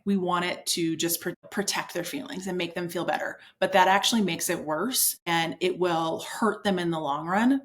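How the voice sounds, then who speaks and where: A woman sport psychologist answering interview questions in an earnest, explanatory way, acting out parents and kids in quick asides. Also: fairly low pitch.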